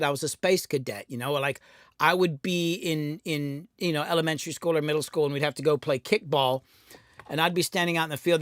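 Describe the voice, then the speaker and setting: A man's voice: on the high side, fairly bright tone, no echo, clean studio sound. Rambling middle-aged man telling stories. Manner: rambling, self-deprecating, acts out voices in anecdotes. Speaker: music producer and channel host. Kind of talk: casual storytelling rant.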